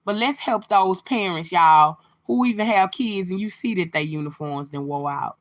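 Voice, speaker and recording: A woman's voice: fairly low pitch, normal speed. A woman talking casually to her livestream viewers, chatty and open, sharing a personal testimony. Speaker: livestream host.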